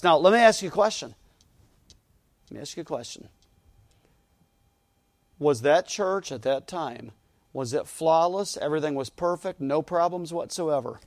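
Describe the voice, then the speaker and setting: A man's voice: fairly high pitch, no echo. Earnest man preaching, dry close sound. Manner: earnest preaching that rises in emphasis, with repeated phrases. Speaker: pastor. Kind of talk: sermon. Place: church.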